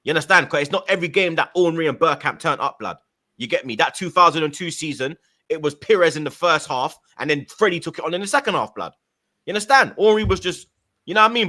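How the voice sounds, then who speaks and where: Bright, punchy guy, football pundit, slangy and swearing. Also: a little high, animated, brisk. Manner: emphatic, heavy slang and swearing. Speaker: podcast guest pundit. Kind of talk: casual football chat.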